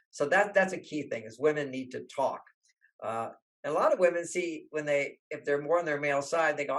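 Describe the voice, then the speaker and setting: A man's voice: medium pitch, fast talker, rough recording. An older man, a relationship author, telling stories in an interview and acting out the voices he quotes. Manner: animated, acts out quoted voices. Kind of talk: storytelling interview talk.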